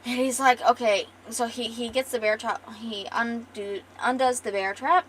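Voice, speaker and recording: A woman's voice: on the high side, fairly even intonation, moderate pace, a bit bright, slight background noise, low-quality recording. Young woman streamer rambling thru her comic lore, swears a bunch, jokey asides. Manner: rambling, profane, joking asides. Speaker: artist and streamer. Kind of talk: casual storytelling on a stream.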